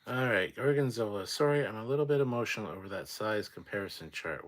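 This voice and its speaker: Tired, low-voiced man rambling on a livestream. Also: animated, quick pace, hardly any pauses. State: sleep-deprived. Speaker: livestream host reading chat. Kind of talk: casual late-night livestream chat.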